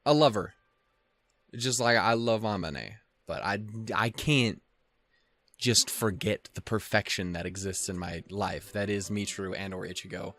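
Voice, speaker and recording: A man's voice: lowish voice, moderate pace, a bit bright. A young man hosting a let's play, rambling and swearing with self-mocking jokes and stumbling over the game text he reads aloud. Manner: rambling, profane and self-mocking, with goofy put-on quotes. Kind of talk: casual let's play commentary.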